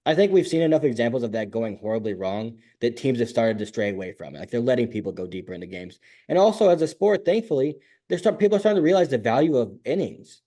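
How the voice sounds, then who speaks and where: A man co-hosting a sports talk podcast, rattling off quick, firm opinions in casual chat. His pitch sits in a middle range, and he keeps up a brisk pace. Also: big pitch swings, dark tone. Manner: fast, opinionated, jumps into high mocking voices. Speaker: podcast co-host.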